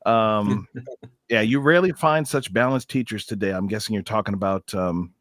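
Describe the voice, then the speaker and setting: A man's voice: lowish voice, moderate pace. A man chatting playfully on a Christian livestream panel, joking and often trailing off mid-thought. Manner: jokey, playful, trails off and restarts. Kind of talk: casual chat.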